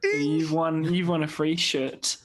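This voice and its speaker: A man's voice: on the high side, little pitch movement, slow pace. A man who is a podcast guest, chatting casually with enthusiasm, saying "dude" and "yeah" a lot and laughing often. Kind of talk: casual chat.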